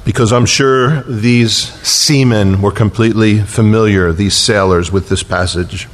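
A man's voice: lowish voice, steady tone, measured pace, hardly any pauses. A man preaching a sermon as pastor, telling the story with humor and acting out the voices of the people in it.

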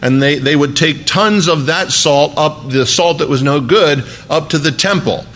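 A man's voice: fairly high pitch, a little slow, a bit bright. A man preaching a sermon as a pastor, in a conversational, folksy way with emphatic asides.

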